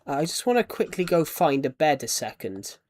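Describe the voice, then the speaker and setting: A man's voice: a little high, sing-song, fairly quick, a little mellow. Young British man streaming a game. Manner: chatty, thanks donors, trails off in restarts. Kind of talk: casual live-stream chat.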